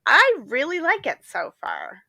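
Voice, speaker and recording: Woman podcast co-host, high bright voice, lively casual storyteller, dry close sound. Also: measured pace, no room sound. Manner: lively storytelling, frequent fillers. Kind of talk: casual chat.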